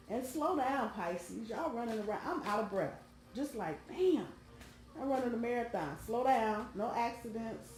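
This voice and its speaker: A tarot reader gives a casual, rambling reading, talking directly to her viewers with emphasis in a chatty way. Her voice is lowish with a darkish tone, and the phone-mic recording sounds roomy with a bit of hiss or hum.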